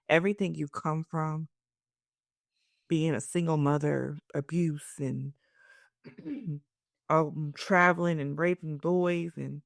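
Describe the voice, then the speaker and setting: Woman podcast host, deep gravelly voice, dry sound, heartfelt and encouraging. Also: dry recording. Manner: emotional, encouraging, preacherly.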